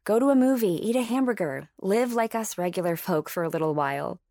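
A woman doing a bright teasing young woman. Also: on the high side, moderate pace, no echo, clean studio sound, voice pushed up, lightly acted. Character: playful young woman, teasing best friend.

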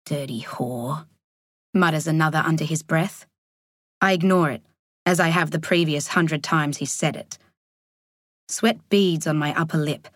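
A woman narrating a thriller audiobook in a measured, deliberate way. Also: low voice, no room sound, studio quality. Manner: measured, slowing on tense moments.

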